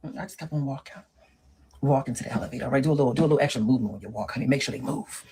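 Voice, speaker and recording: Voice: medium pitch, rapid-fire, a crowd in the background, lightly acted, poor audio. A performer playing a sassy middle-aged woman who lectures on dating in a comedic monologue and keeps calling the listener girl and honey. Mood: sassy lecturing. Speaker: relationship advice monologue.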